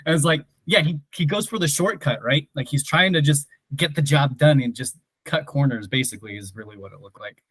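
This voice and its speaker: A man's voice: fairly high pitch, brisk, hardly any pauses, slightly rough, dry recording. A man co-hosting a film podcast, retelling a movie scene animatedly and acting out the lines. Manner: animated storyteller, laughs, acts out quotes. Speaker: podcast co-host. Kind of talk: casual film discussion.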